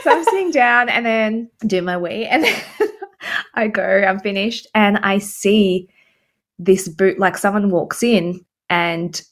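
A young adult woman, a podcast co-host, telling a story in casual chat, animated and laughing often. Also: mid-range voice, slow.

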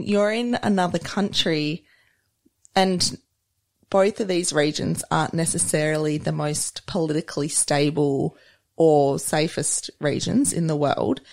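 A woman's voice: deep voice, a little mellow. A woman hosting an interview, thinking aloud as she asks long, winding questions.

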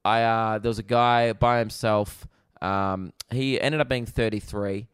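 On his podcast, recorded in a rented holiday apartment, a young comedian from Victoria, Australia tells loose, animated, rambling stories peppered with swearing. His voice is a little low, clear and resonant, and he takes his time. The recording is dry and close-miked.

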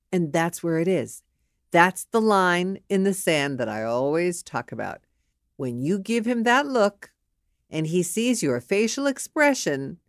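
A middle-aged woman host giving a frank monologue, candid and animated, who acts out both sides of a scene. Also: deep voice, no room sound, studio quality.

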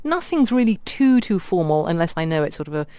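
Radio guest, woman, lowish voice, brisk and chatty, dry studio sound. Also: no echo. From India. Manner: chatty, animated storyteller. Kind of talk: casual radio chat.

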